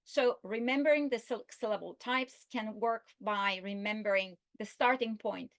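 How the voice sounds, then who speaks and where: A woman giving an instructional video lesson, speaking slowly and deliberately and stretching out her example words. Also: medium pitch. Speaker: literacy instructor.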